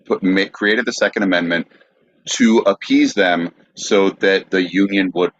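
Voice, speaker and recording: A very deep-voiced man hosting a podcast, reading history notes with halting fillers. The recording sounds dull and lo-fi. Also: fairly even intonation, a bit bright, slight background noise. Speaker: host. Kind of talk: reading history in casual chat.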